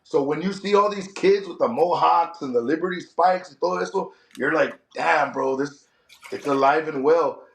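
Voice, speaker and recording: A middle-aged man from San Antonio, a wrestler and promoter chatting in an interview, animated and slipping in Spanish slang. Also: a little high, moderate pace, vocal fry. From San Antonio, Texas. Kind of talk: casual interview chat. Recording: echoey room.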